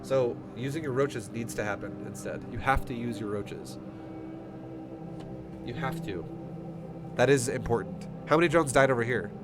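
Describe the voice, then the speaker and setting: A man's voice: medium pitch, normal speed, long pauses, heavy background noise. A man coaching a player through a game replay in a casual streaming session, blunt and heated, swearing often. His nose is running. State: runny nose. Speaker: StarCraft coach reviewing a replay. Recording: music playing underneath. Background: music.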